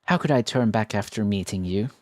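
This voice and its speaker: A man voicing a poised teenage heiress girl weighed down by family duty. The reading is slow and measured, set low, with faint music behind the game story. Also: expressive, natural voice. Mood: tender.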